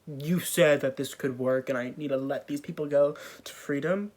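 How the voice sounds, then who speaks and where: A man's voice: on the high side, moderate pace, darkish tone, natural voice. A man voicing an exasperated young male prophet in a casual, slangy way. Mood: pleading.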